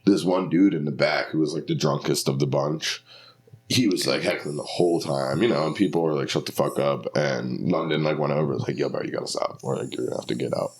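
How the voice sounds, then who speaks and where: A man telling casual podcast stories, animated, acting out other people's lines in shifting voices. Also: extremely low pitch, quick pace. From Philadelphia. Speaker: stand-up comedian.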